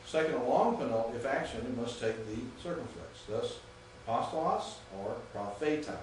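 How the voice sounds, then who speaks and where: In this clip the Greek teacher's intonation is lively, his pitch medium and his speed normal. He lectures patiently, often making sure the class understands, captured far from the mic in an echoey space with a bit of hiss or hum.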